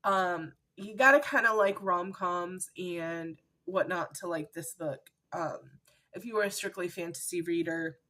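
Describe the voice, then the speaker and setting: A woman's voice: on the low side, a little slow, sharp tone. Chatty woman reviewing a book. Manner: chatty and emotional, with fillers. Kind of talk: casual book review vlog.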